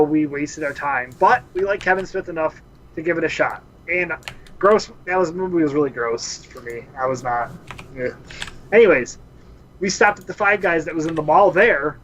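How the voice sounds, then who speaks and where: A man's voice: high-pitched, dull audio. A man co-hosting a casual podcast, telling stories. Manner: animated storyteller, laughs often. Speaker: podcast co-host. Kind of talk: casual chat.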